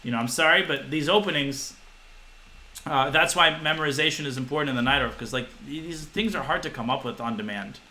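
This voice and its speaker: A man in his twenties giving a live-streamed chess lesson, talking fast to his viewers and thinking aloud. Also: on the high side, bright, forceful tone, low-quality recording. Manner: quick, talks to chat, thinks aloud with restarts.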